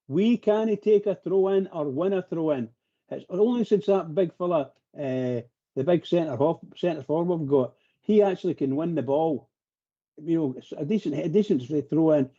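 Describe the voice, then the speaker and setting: A man's voice: fairly high pitch, normal speed, dark tone. Fired-up man on a muffled line. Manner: passionate, rambling, repeats himself. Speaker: phone-in pundit. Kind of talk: live radio phone-in chat.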